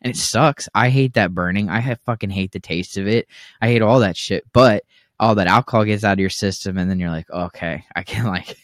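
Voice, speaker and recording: Man, 30s, podcast co-host, casual profane storytelling, low-pitched, dry close mic. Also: a little fast, no echo. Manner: profane, storytelling, laughs often.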